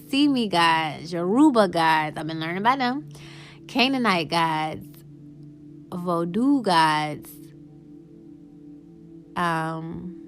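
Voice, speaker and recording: A young adult woman hosting her own podcast in casual solo chat, excitable and quick to laugh, slowing down to read out lists. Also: on the low side. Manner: chatty, excitable, laughs often, slows down reading lists. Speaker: podcast host.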